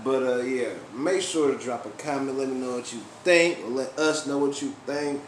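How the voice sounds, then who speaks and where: A man's voice: mid-range voice, moderate pace, reverberant, slight background noise. A man hosting a reaction video, making laid-back, amused remarks. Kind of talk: casual reaction commentary.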